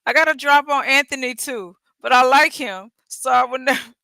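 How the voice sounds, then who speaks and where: A woman's voice: high-pitched, moderate pace, creaky, bright, forceful tone, dry recording. A woman hosting a casual livestream, talking bluntly and jokingly with her chat, teasing and swearing freely. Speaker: livestream host.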